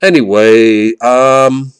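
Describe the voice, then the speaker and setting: A man's voice: mid-range voice, steady tone, extremely slow, clean tone, no room sound. A man vlogging in a casual, rambling way, full of fillers and restarts and growing indignant as he talks.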